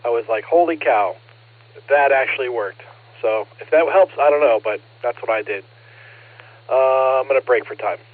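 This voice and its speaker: A man's voice: mid-range voice, moderate pace. A man checking into a ham radio net, telling a rambling story in a casual way. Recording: narrow ham radio transmission.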